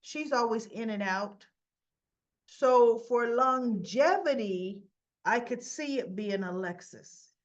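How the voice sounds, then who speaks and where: Lively woman recapping a soap. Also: fairly high pitch, muffled recording. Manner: animated retelling with acted quotes. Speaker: soap opera recap host. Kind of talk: casual recap vlog.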